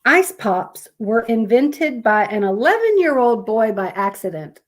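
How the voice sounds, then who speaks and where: Sleepy, slow-talking woman streamer. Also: fairly high pitch, sing-song. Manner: rambling, chatty, addresses viewers as y'all. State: sleepy, yawning. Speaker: live streamer. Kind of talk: casual live stream chat reading fun facts.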